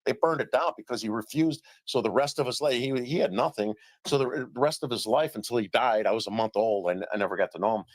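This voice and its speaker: A middle-aged man on a live stream telling stories about his reporting in a casual, animated way, acting out what others said. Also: medium pitch, quick pace, dry recording. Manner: animated storyteller, acts out quoted dialogue. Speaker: citizen journalist guest. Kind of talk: casual remote interview.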